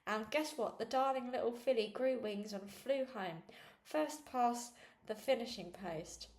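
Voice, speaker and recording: A cheerful middle-aged chip-van owner, put on by a woman reading a storybook, chummy and fond of calling people sweetheart. The voice sits fairly high, and the room gives it a noticeable echo. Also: unhurried. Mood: jovial. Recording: echoey room.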